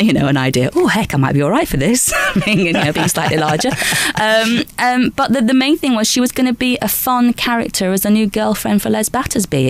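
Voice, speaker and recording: A Lancashire woman in her forties, appearing as a guest actress in an interview, gives chatty answers full of lively anecdotes, small laughs and frequent restarts. Her voice is medium-pitched, and the recording is dry.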